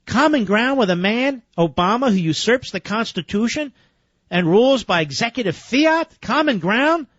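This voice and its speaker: A man's voice: high voice, lively intonation, moderate pace, a bit bright, no room sound. A man hosting a talk radio show, interrupting a played clip with sarcastic, combative commentary. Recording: dull lo-fi radio broadcast.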